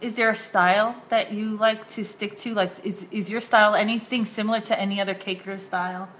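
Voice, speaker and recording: A young woman hosting a casual live-stream chat, gushing and excitable, laughing often. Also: mid-range voice, fairly quick, a little hiss or hum. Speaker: host.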